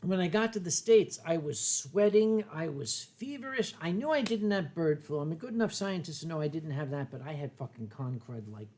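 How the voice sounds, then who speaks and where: An older man hosting a boozy chat show, telling rambling stories, swearing freely and stopping to cough and clear his throat. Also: on the high side, lively intonation, a little fast, hardly any pauses, darkish tone. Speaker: host. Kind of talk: boozy late-night chat show banter.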